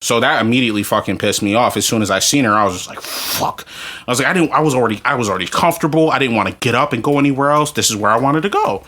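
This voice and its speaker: A man, drunk and telling crude stories on a podcast, ranting loudly with profanity and bursts of laughter. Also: mid-range voice, very fast, few pauses. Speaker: podcast co-host. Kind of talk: crude storytelling banter.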